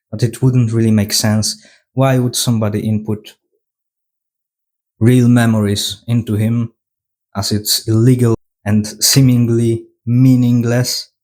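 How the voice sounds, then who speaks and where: Brief: male reviewer, casual retrospective, dry sarcasm, unhurried delivery. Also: fairly low pitch, a little mellow. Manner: sarcastic plot retelling. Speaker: film reviewer.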